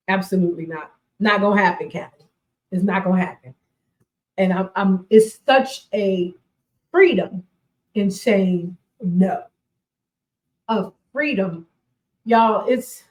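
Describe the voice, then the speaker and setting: Woman in her 40s, radio host, slow and emphatic, says things twice, kinda echoey room. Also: medium pitch, darkish tone. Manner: emphatic, repeats lines, laughs often. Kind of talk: casual motivational talk.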